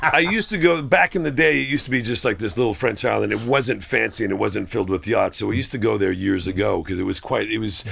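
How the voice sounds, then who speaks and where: A man's voice: on the low side, fast, vocal fry, fairly bright tone, slight background noise. A middle-aged man from Canada, a guest chatting casually on a podcast, laid-back and trailing off mid-sentence. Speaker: guest actor. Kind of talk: casual chat.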